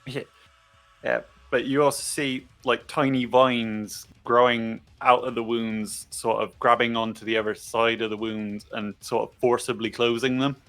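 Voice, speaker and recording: A man's voice: mid-range voice, little pitch movement, measured pace, a bit bright. A man playing in a tabletop game, casually describing his character's actions with plenty of fillers. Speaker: player.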